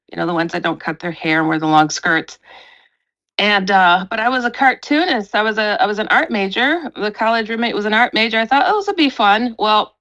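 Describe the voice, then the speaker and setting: A middle-aged woman, a paranormal researcher and radio host, telling a story in an animated way, acting out quotes with big jumps in pitch. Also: muffled recording.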